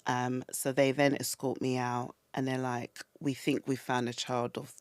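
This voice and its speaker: A woman, a podcast guest telling a personal story in a casual, animated way. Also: a bass voice, unhurried, clear, resonant tone, no echo. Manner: animated storyteller acting out quoted lines. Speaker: guest, toy brand founder.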